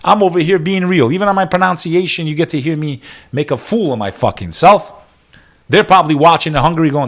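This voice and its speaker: A man's voice: a little high, brisk, fairly bright tone. A man hosting a live news-reaction podcast. He reads headlines aloud and then breaks into profane, sarcastic rants that grow heated.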